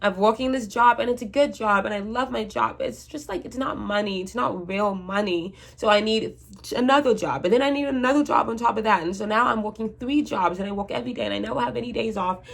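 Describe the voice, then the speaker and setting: A woman's voice: a little high, lively intonation, fast talker, gravelly. A woman in her twenties talking to camera in a rambling, anxious casual monologue, with frank swearing and many restarts. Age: 20s. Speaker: vlogger.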